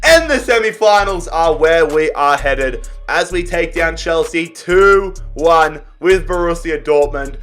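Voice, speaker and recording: Excitable young man. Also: high-pitched, a little slow, hardly any pauses, soft background music. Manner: excitable, swears freely, talks to viewers as lads. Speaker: gaming YouTuber. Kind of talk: casual gameplay commentary.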